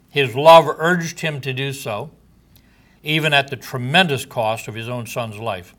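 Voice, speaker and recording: In a mid-range voice, a man who seems older delivers a sermon. His speech is measured and slow, with phrases that taper off quietly at the end.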